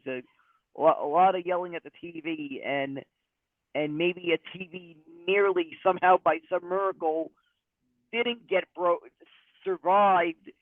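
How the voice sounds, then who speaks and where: Man, co-host, slightly high voice, halting and repetitive, phone-line sound. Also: no echo. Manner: halting, repeats himself. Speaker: podcast co-host. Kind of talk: casual sports talk.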